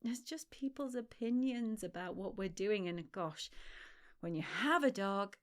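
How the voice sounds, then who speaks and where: A woman's voice: medium pitch, expressive, unhurried. Emphatic, reassuring woman podcaster. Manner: emphatic and reassuring, talks straight to the listener. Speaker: dog separation-anxiety trainer and podcast host. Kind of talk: solo podcast talk.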